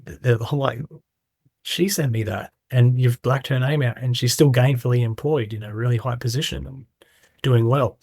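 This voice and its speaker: A man's voice: medium pitch, steady tone, normal speed, a little mellow, no echo, clean studio sound. A middle-aged man candidly recounting his story in a casual interview, acting out quoted voices as he goes. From Australia. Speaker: guest.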